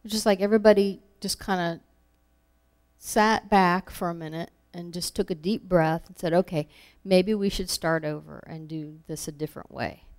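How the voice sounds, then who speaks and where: A woman's voice: lowish voice, steady tone, normal speed, a little mellow. A woman giving an informal sermon, telling personal stories in a conversational way with laughs, acting out her own thoughts. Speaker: preacher.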